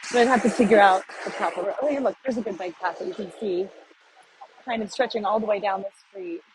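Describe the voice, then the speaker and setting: A woman's voice: mid-range voice, fast talker, background noise. An American woman vlogging casually while walking city streets, rambling and self-deprecating, recorded on a phone. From United States.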